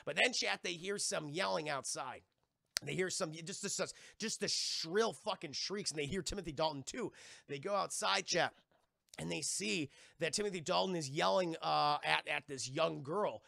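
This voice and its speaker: A man's voice: a little high, vocal fry, pushed and bright, dry recording, studio quality. A man streaming a casual, profane recap of a TV episode, talking to his chat and acting out the characters' lines. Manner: profane, rambling, keeps addressing chat; acts out quoted lines in quick voices.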